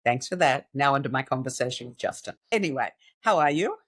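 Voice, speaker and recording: Lively woman podcast host, dry sound. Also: very deep voice, fairly quick, no echo. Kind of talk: conversational interview.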